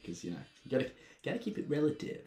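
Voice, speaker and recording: A man's voice: medium pitch, wildly swooping pitch, very fast, darkish tone, echoey room. An Australian man hosting a podcast in casual chat, rambling through stories and laughing often. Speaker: podcast host.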